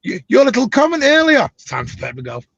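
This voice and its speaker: A man's voice: extremely high pitch, huge pitch swings, fast, gravelly, muffled recording, a crowd in the background. A man co-hosting a casual fan stream over a video call. He is chatty and teasing, and he often repeats himself.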